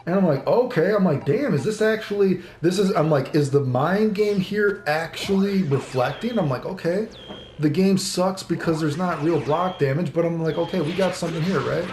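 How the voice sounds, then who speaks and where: A man's voice: a little high, moderate pace, a little mellow. A man giving casual commentary on a fighting game while playing, rambling, swearing often and quoting his own thoughts. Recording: echoey room with music behind.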